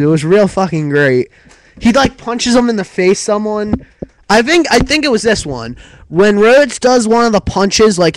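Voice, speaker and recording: A man with a fairly high voice for his sex talks through a recap in casual chat. His delivery is loose and rambling, stacked with "like" and "um" and the odd curse word. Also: dry recording, low-quality recording. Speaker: co-host of a wrestling talk show.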